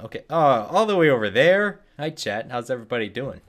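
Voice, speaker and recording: A man's voice: mid-range voice, very animated, brisk, few pauses. A man streaming a video game live, chatting in a rambling, playful, self-mocking way. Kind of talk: live-streamed gameplay chat.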